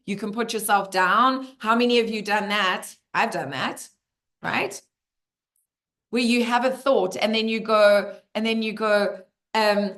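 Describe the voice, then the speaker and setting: Lady hosting a group q&a, lively and playful, keeps asking the room "right?", goes soft and slow when it gets reflective. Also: a little high. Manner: animated and playful, keeps checking in with the audience; drops to a soft, slow, hushed voice for reflective passages. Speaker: community Q&A host, personal growth speaker. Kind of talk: live talk to a group.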